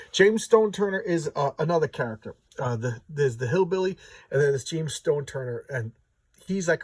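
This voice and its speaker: A man's voice: medium pitch, darkish tone, slightly rough, distant mic. A man casually reviewing a comic book, stammering, repeating words and gushing over the art.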